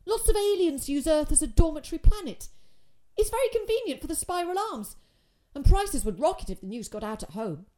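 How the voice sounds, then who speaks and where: A woman's voice: high voice, sing-song, a little fast, warm tone, pitched above the performer's own voice. A woman reading the part of an earnest, literal-minded teenage boy who speaks plainly and insists on the facts. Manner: plain, matter-of-fact, insistent.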